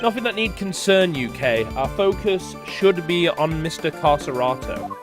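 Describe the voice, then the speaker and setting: A man's voice: a little high, animated, normal speed, over music, lightly acted. A man voicing a composed, formal male prosecutor in a video game. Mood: cool.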